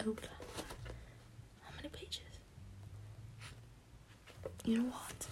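A woman, a native Spanish speaker, whispering in a breathy, giggly, nervous way. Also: a little high, takes it slowly, long pauses, a little mellow. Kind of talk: whispered talk.

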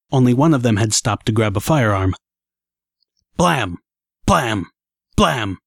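A man reading a first-person action story aloud in an expressive, dramatic way. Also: mid-range voice, dry recording, studio quality. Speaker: audiobook narrator.

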